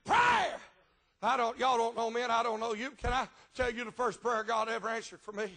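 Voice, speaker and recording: A middle-aged preacher man with a strikingly high, bright voice and a gravelly edge. He moves from plain, folksy storytelling into a chanting, shouted cadence, with a sharp "uh" between phrases. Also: flat delivery, fast talker. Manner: folksy storytelling with dialect grammar. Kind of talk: revival sermon.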